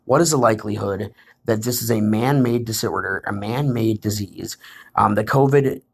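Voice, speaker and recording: A man's voice: on the low side, normal speed, creaky, husky. A man hosting his own political commentary show, sounding tired and talking urgently to his viewers, often calling them "guys". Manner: urgent, repetitive addresses to "guys". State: tired, yawning.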